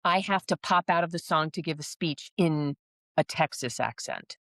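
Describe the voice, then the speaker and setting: Woman stage actor, casual interview, lively and laughing, slightly low voice, dry sound. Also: moderate pace, no room sound. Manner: animated, laughs often, quotes herself.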